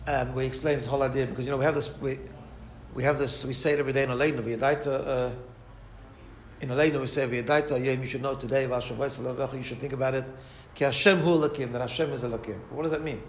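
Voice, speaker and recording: A man's voice: mid-range voice, steady tone, very fast, slight background noise. A man teaching a text study class, reading Hebrew phrases aloud and translating them line by line, often asking questions and checking in with "right?". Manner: asks rhetorical questions and adds filler checks like "right?". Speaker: Torah teacher.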